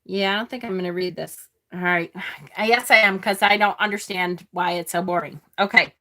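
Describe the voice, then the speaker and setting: Bright-toned chatty woman tarot host. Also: on the low side, steady tone, a little fast. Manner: chatty, laughs often, snarky asides. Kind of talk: casual live-stream chat with tarot reading.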